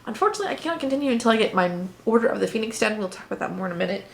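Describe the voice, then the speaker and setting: A woman's voice: a little high, animated, rapid-fire, creaky. Chatty woman hosting a crafting vlog. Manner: chatty, playful asides and jokes to viewers. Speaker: knitting podcast host. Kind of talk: casual show-and-tell chat.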